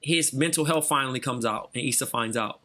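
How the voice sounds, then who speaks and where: A man co-hosting a podcast, recapping a TV episode in slangy, animated casual chat. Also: mid-range voice, fairly quick, over a noisy crowd. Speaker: podcast co-host.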